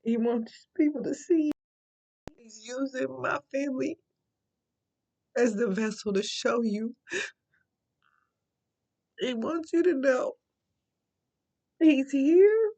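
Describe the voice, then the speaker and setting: A woman speaking through tears as she gives a faith testimony. She talks slowly and earnestly, leaning on repeated phrases to drive her point home in a preachy way. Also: high voice, darkish tone. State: tearful. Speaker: faith vlogger.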